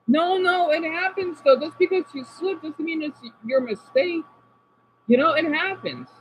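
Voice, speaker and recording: A woman's voice: very high-pitched, a little slow, a little hiss or hum, rough recording. A woman live-streaming in a casual, chatty way, talking to viewers by name and sounding out unfamiliar words. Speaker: livestreamer reading chat.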